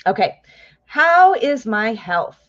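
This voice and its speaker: A woman in her fifties giving a live-stream tarot reading, chatty and excitable, often breaking into exclamations. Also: fairly high pitch, takes it slowly, no echo, dull audio. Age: 50s. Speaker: tarot reader.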